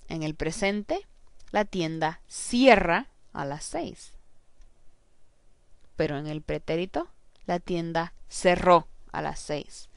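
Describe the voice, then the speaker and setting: A woman teacher giving a recorded grammar lesson, slowly and carefully saying each verb ending aloud. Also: on the low side, vocal fry, dry recording. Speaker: Spanish teacher.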